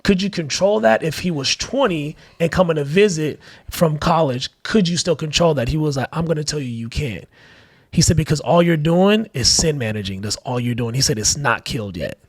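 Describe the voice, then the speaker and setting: Animated and fairly quick, a father speaking as a podcast guest uses a fairly high voice to tell candid personal stories about fatherhood. His casual, heartfelt storytelling leans on "like" and acted-out quotes, captured cleanly in a studio with no echo.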